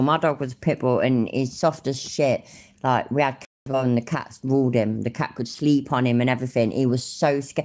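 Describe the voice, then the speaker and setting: A woman's voice: very deep voice, a little mellow. A British woman streaming her reaction to a video, talking bluntly and swearing as she rants. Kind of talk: casual reaction commentary.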